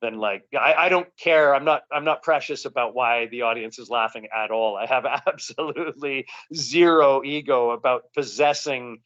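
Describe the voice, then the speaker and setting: Canadian comedian, rambling and relaxed. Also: male voice, medium pitch, moderate pace, few pauses. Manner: rambling, relaxed, frequent restarts. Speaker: comedian, guest. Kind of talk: casual interview chat. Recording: dull lo-fi recording.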